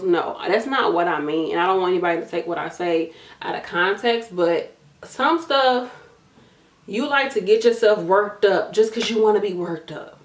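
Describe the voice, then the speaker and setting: At a moderate pace and mid-range pitch, with a roomy sound, a tired woman hands out study advice on her nursing YouTube vlog. She's direct and casual, saying "y'all" and "gonna" and repeating herself to stress points.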